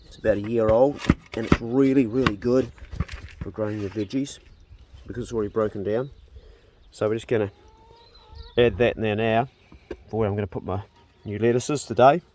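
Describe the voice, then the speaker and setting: A man's voice: on the low side, darkish tone, a little hiss or hum. A man with a New Zealand accent, chatting casually through a farm vlog filmed outdoors on his phone, talking to his animals as he goes. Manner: chatty, easygoing, talks to animals. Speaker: vlogger.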